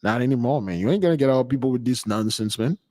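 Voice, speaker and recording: A man hosting a spiritual channel, preaching casually to followers in an animated, emphatic and mocking way. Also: medium pitch, fast talker, big-room sound. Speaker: channel host giving a spiritual talk.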